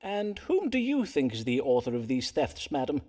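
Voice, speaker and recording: An actor voicing a pompous Elizabethan astrologer-physician in a narrative game, speaking in florid archaic phrasing. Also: male voice, medium pitch, huge pitch swings, moderate pace, dark tone, faint music behind. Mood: playful. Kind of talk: voiced game dialogue in Elizabethan English.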